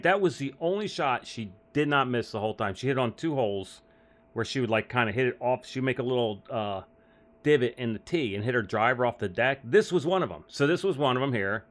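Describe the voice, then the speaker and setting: A man in an easy, rambling storytelling mode, full of "like" and quick laughs. His voice sits at an ordinary middle pitch for a man, and he recounts his caddie days in a loose, chatty way. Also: animated. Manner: rambling, heavy use of "like", frequent laughs. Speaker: caddie telling stories as a guest. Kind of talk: casual storytelling.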